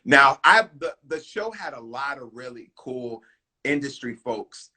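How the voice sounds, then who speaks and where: A man from Houston, a singer, telling a lively story in an interview, acting out what people said and breaking into song. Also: mid-range voice, measured pace. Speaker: guest singer.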